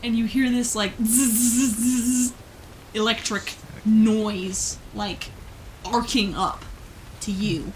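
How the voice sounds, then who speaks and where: Woman game master, slow relaxed narration, frequent fillers, faint hiss behind. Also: mid-range voice, rough recording. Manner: relaxed, laughing, many fillers.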